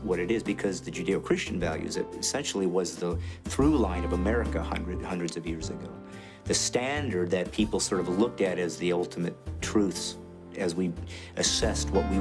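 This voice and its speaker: A comedian speaking in a reflective, loose interview style, hedging as he goes. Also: deep voice. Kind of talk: documentary interview. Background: guitar music.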